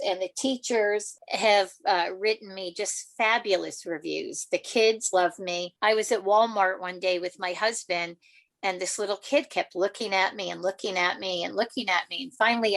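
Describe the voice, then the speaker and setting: An older woman, a children's author, telling stories in an interview, animated and laughing, acting out quotes in a higher voice. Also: gravelly, dry recording. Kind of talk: storytelling in a podcast interview.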